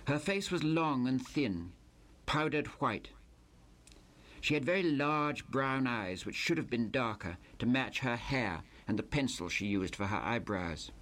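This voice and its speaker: An older man reading aloud from his own book, speaking in a measured way with hesitant pauses. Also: medium pitch, expressive, a bit bright. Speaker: author.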